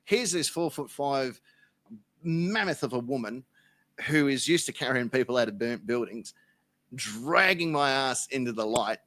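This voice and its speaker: A man's voice: mid-range voice, lively intonation, a little slow, fairly bright tone, no room sound. An Australian man, a podcast guest, telling a rambling, profane anecdote in casual chat. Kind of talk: casual storytelling.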